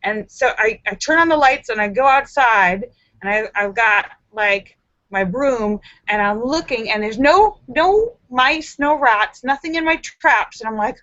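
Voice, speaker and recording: A woman's voice: high-pitched, animated, normal speed, fairly bright tone, dry recording, dull audio. A woman hosting a casual live stream from home, greeting viewers by name and telling a story with squeals and exclamations. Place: home in the city.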